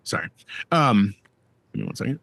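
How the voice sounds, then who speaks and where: A man guest on a podcast, telling a work story in a casual, animated and profane way, full of restarts, on a dry, close mic. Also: on the low side, moderate pace, no room sound.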